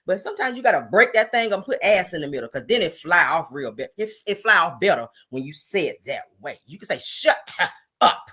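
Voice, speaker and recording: Woman, gossip host, sassy, animated, bright voice. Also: on the low side, fast, few pauses, slightly rough. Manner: sassy, animated, says "honey" and "child" a lot. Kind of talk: casual gossip commentary.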